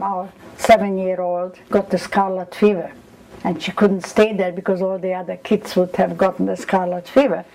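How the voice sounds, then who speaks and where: A woman's voice: medium pitch, rough recording. Older woman telling a war story. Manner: animated storytelling, acts out quoted voices. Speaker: interviewee. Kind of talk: oral history interview.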